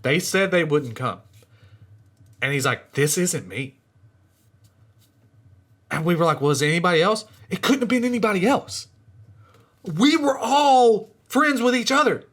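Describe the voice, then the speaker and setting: A man's voice: high voice, measured pace, long pauses. A man telling a true scary story in a casual, rambling way, his voice rising and dropping for suspense. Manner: animated, rambling, voice rises and drops with suspense.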